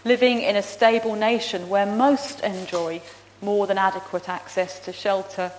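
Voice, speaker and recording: A woman minister leading prayer and telling a Bible story with a measured, expressive delivery. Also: mid-range voice, slight background noise. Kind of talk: sermon with prayer and children's story. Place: church. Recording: long reverb in a large hall.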